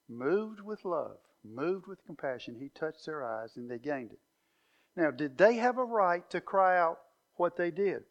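Male pastor, high-pitched, emphatic sermon delivery. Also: sing-song, a little slow, lo-fi sound. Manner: emphatic Bible teaching, rising to loud declarations. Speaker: preacher.

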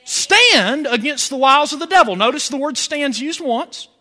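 Pastor guy preaching, really high voice, lots of ups and downs, keeps asking the crowd what. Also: animated, normal speed, pushed and bright. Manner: preaching with rising emphasis and call-and-response questions. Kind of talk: sermon.

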